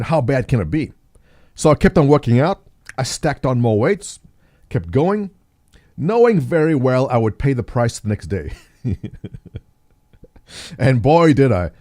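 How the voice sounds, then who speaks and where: A man's voice: medium pitch, mellow. A middle-aged man hosting a live stream, chatting casually and jokily with viewers, thinking aloud and reading the chat. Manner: rambling, jokey, thinks aloud, reads chat. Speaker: livestream host.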